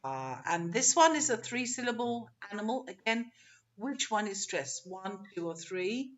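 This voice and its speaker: A woman's voice: medium pitch, big pitch swings, measured pace, highs cut off. A woman teaching English pronunciation in an online webinar, drawing out example words and laughing often.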